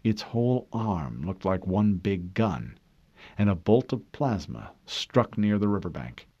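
Male narrator, low and lively delivery, measured dramatic reading, dry dull sound. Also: husky, no room sound. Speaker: audiobook narrator. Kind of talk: scripted narration.

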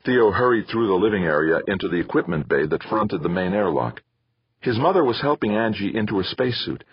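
A man narrating an audiobook in an even, descriptive storytelling manner. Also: low-pitched, breathy edge, dry recording, lo-fi sound. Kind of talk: scripted narration.

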